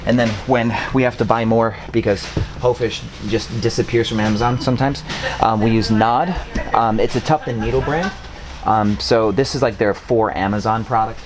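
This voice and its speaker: A man's voice: on the low side, fairly even intonation, moderate pace, noisy background. A man from Wisconsin in his thirties, vlogging casually with lots of ums, speaking with a mostly neutral American accent that has a faint Wisconsin trace. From Wisconsin, USA. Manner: rambling, many ums, loose and chatty. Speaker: vlogger, short-term rental host. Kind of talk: casual vlog talk to camera. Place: indoors, apartment full of boxes.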